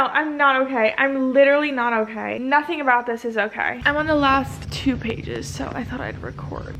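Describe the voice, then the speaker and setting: A young woman with a high, bright voice gushes through a casual reading vlog, rushing her words and running short of breath. She swings between excited squeals and hushed, emotional confessions. The recording is at home indoors and has a faint hiss underneath. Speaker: vlogger.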